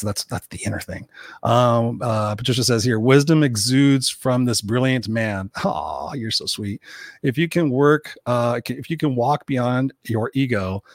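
A man in his fifties hosting an unscripted livestream. He reads out viewer comments and answers them in a blunt, energetic, rambling way, swearing freely. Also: mid-range voice, no room sound, clean studio sound. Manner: rambling, with many restarts and fillers. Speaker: motivational speaker and show host.

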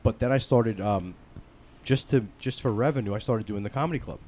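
A man in his forties from northern New Jersey with a New Jersey accent, telling profane stories on a casual podcast, getting loud when he quotes his friends. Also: lowish voice, brisk, a little hiss or hum. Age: 40s. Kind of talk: casual chat.

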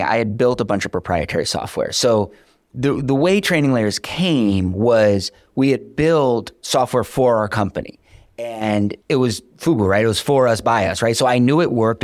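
A man's voice: medium pitch, no echo, studio quality. A man being interviewed as a startup founder, telling his story candidly and with energy, acting out the conversations he recounts. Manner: energetic, candid, self-deprecating, acts out quoted dialogue. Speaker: startup founder, podcast guest.

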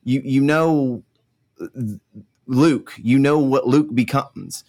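A man's voice: mid-range voice, slow, creaky, darkish tone. A man hosting a podcast, chatting casually, sometimes stumbling before finding his sentence. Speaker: podcast host. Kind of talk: casual chat.

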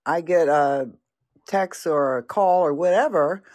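A woman's voice: low-pitched, a little slow, darkish tone, no echo, clean studio sound. An older woman speaking as a guest on a remote call, rambling a little in a casual chat. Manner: rambling with fillers.

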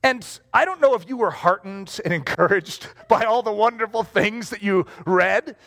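A man preaching a sermon to a congregation in a conversational, animated way. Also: sits high, normal speed, vocal fry. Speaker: pastor. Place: church hall before a congregation. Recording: long hall reverb.

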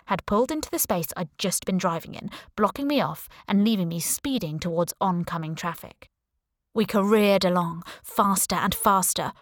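Female audiobook narrator, mid pitch, dry close sound, lively and wry first-person storytelling. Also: dry recording.

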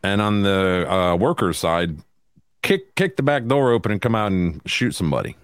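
Man co-hosting a podcast, lowish voice, rambling, swearing, dry close sound. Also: lively intonation, moderate pace, smooth, dry recording. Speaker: podcast co-host. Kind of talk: casual chat.

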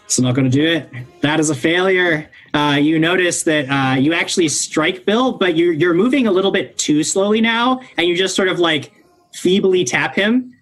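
A man's voice: fairly high pitch, lively intonation, normal speed, fairly bright tone, soft background music. A man narrating as game master of a tabletop game, rambling with lots of "like" and "uh". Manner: rambling, filler-heavy, laid-back.

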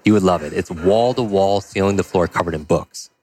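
A man telling a personal story as a podcast guest, animated and full of "like" and "you know". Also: deep voice, fairly quick, breathy edge. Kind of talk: storytelling in a conversational interview.

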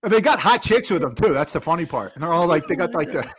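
A man's voice: a little high, very animated, fast, a little hiss or hum. A man from New Jersey retelling stories with much laughter as a podcast co-host in casual sports chat.

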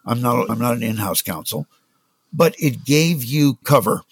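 A man's voice: medium pitch, very animated, moderate pace, no room sound. A man and music industry executive, a guest telling anecdotes in conversation and acting out the dialogue. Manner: anecdotal, acts out quoted dialogue. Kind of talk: conversational storytelling.

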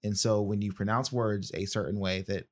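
Man, lowish voice, podcast guest, measured, deliberate, careful wording. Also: steady tone. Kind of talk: casual conversational podcast talk.

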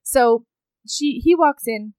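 Woman podcaster retelling a book plot, fairly high voice, dry close sound. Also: slow, smooth, dry recording, poor audio. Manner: animated storytelling, acts out characters' lines. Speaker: podcast co-host recapping a book. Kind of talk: casual chat.

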